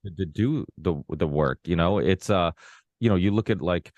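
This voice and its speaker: This male podcast host, from a Portuguese background, has a low-pitched, darkish voice and talks at a moderate pace. His casual conversation wanders with many restarts and asides. There is no echo, and the highs are cut off.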